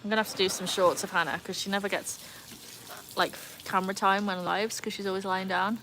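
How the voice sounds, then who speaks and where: A sharp-toned woman with a medium pitch and fairly even intonation talks briskly on a casual livestream. She's outdoors next to a home swimming pool, reading viewer comments and breaking into squealing cheers, with a little hiss or hum audible.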